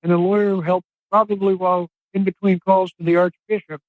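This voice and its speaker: Older male reporter, high-pitched, dramatic storyteller who acts out quotes, dry recording. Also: little pitch movement, a little fast, dry recording, narrow, tinny audio. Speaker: investigative reporter, podcast guest. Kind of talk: speculative storytelling.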